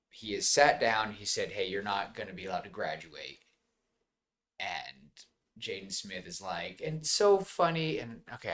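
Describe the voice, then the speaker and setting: A man with a somewhat low voice talks loosely on a casual podcast, rambling and restarting as he goes. He sounds animated and laughs easily between his points. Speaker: podcast co-host. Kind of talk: casual movie chat.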